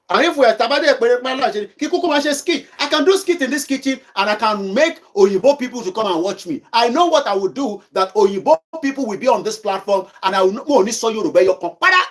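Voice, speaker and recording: Nigerian man, Yoruba accent, high voice; rousing livestream host switching between English and Yoruba. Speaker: online activist show host. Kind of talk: livestream commentary. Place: kitchen at home.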